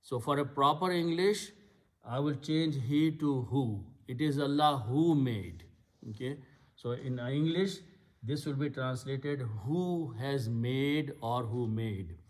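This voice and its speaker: Speaking slowly in a mid-range, somewhat mellow voice, a man walks students through the Arabic grammar of scripture. The lesson, held in an Islamic center classroom, is patient and step by step, with key words repeated.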